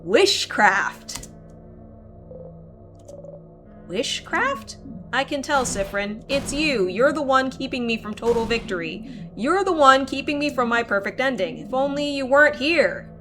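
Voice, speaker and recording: Woman doing a low, taunting villain king. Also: animated, over music. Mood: menacing. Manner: slow, taunting, cruel. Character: menacing gloating male king villain.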